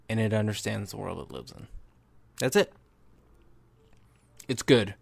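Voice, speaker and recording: A young man talking through movie reviews on his podcast, eager and rambling, with plenty of fillers and restarts. His mid-pitched voice is recorded close and dry, with no room sound. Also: fairly bright tone, dry recording. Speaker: podcast host.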